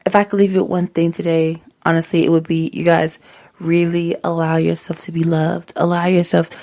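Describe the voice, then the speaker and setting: A woman's voice: fairly low pitch, creaky, a little mellow. A young woman hosting a faith-based podcast, speaking heartfelt and encouraging words straight to her listeners in a casual way. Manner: casual, says "like" often. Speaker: podcast host. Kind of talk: faith-based motivational talk.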